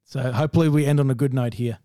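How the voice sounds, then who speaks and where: A young man hosting a podcast in casual chat, excitable and laughing often, calling people mate and bro. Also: medium pitch, fast, no echo, clean studio sound. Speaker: podcast host.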